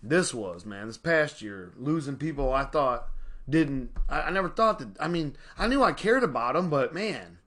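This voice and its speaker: Speaking at a normal speed in a voice on the high side, a man rambles in animated fashion about his life and a self-help book. He laughs frequently and calls his viewers "y'all" while casually reflecting and sharing stories.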